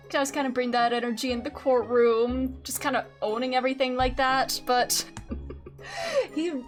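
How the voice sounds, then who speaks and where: A woman streaming a video game, chatting casually, laughing often and swearing freely. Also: sits high. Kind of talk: casual gameplay commentary. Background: faint game music.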